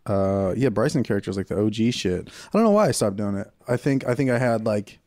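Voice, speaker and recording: A young adult man on a comedy livestream, chatting casually and acting out bits in high silly voices. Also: lively intonation, fast, a little mellow, no echo, studio quality. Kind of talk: casual chat.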